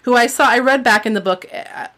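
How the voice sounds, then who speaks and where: A woman's voice: a little high, brisk, fairly bright tone. A woman co-hosting a casual book discussion, chatty and fond of the word "like". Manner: chatty, with frequent "like" and laughs. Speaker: podcast co-host.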